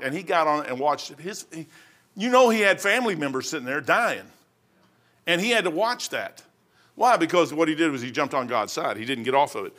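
Bright-voiced folksy man preaching. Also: fairly high pitch. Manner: rambling, folksy, rising to loud emphatic bursts. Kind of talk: informal sermon.

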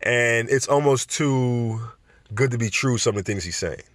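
A man's voice: medium pitch, normal speed, a bit bright, no room sound, studio quality. A man hosting a podcast, chatting casually and rambling while reading news aloud, often correcting himself mid-sentence. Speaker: podcast host.

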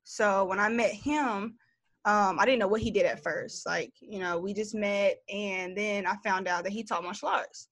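A young woman guest in a casual interview, chatty and animated, full of "like". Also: medium pitch, normal speed, no echo. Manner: chatty, lots of "like", animated storytelling.

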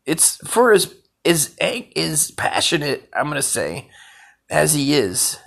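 A man riffs through crude reaction commentary in a loose, profane way. His voice is raspy and gravelly, and his pitch jumps around a lot as he gets wound up. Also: slow pace. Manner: loose, profane, animated, laughing asides. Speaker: stream host reacting to a clip.

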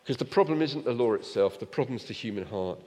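A man preaching a sermon in a church, lively and direct, asking his congregation rhetorical questions. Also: medium pitch, a little fast, big-room sound.

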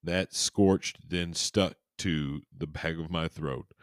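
Low-voiced man rambling on a podcast. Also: fairly even intonation, slow, clear, resonant tone, no echo, studio quality. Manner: rambling and jokey, with many restarts and crude asides. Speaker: podcast host. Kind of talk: casual chat and reading aloud.

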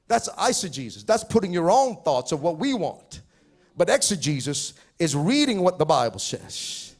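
A male pastor preaching a sermon, stammering and repeating words, building to shouted fervor. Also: a little high, big pitch swings, normal speed. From Pacific Islands. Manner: repetitive stammering restarts, rising to shouting fervor.

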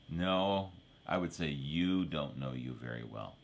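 A man's voice: a bass voice, animated, unhurried, vocal fry. A man preaching a sermon in a conversational way, often repeating verses and asking the listeners to agree. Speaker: pastor.

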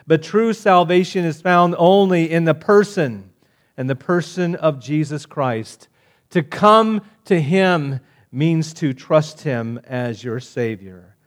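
A male preacher delivers a sermon in a fairly high voice. He builds to loud, emphatic declarations, then drops to hushed, gentle appeals. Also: slow.

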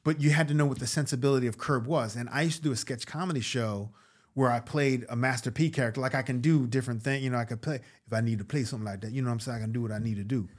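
Brief: man from New York, middle-pitched voice, guest storyteller, swears freely and acts out each voice. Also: very fast. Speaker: guest, actor and comedian. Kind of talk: casual storytelling.

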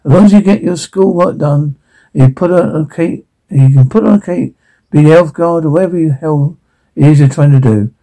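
A man voicing a gruff, cursing cartoon dad. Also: fairly high pitch, fairly quick, mellow, natural voice, poor audio. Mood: grudging. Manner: blunt, swears in frustration. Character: gruff short-tempered middle-aged cartoon dad. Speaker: father and husband. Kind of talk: animated sitcom voice acting.

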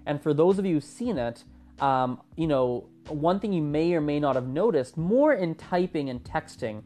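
Podcast host, twenties, casual solo talk, animated, mid-range pitch. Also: moderate pace, faint music behind. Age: 20s. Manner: chatty and animated, with a lively rising delivery.

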